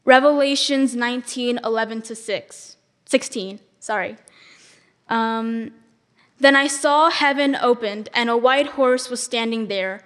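A young woman with a stutter, reading scripture aloud softly and carefully in church, correcting herself now and then. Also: a little high, unhurried. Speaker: scripture reader.

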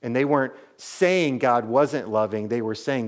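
A man's voice: medium pitch, measured pace. A man preaching a sermon to his church as pastor, telling the story animatedly with many casual "like"s.

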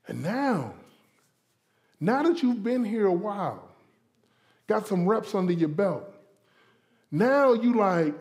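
A pastor from Florida delivering a sermon with a notably high voice. He talks to the congregation in a loose, conversational way, slipping into acted-out inner voices and playful asides. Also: very animated, unhurried, pauses often, darkish tone.

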